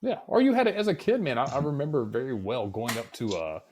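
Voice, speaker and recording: A man's voice: medium pitch, lively intonation, fast talker, darkish tone, a little hiss or hum. A man in his thirties co-hosting a podcast, chatting in an agreeable, reflective way. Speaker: podcast co-host. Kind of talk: casual chat.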